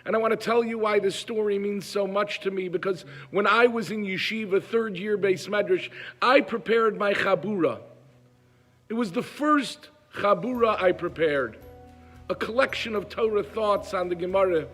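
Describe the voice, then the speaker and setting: A man's voice: high-pitched, moderate pace, a bit bright, faint music behind. A man telling a moving story in an emotive way. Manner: emotive, acts out pleas in a raised voice. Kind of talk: heartfelt storytelling.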